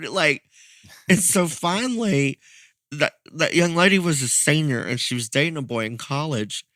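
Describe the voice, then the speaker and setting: A man co-hosting a podcast, telling a story in a casual, animated way, laughing and acting out the people in it. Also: a little high, moderate pace, dry recording, studio quality. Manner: animated, laughing, acts out quoted voices.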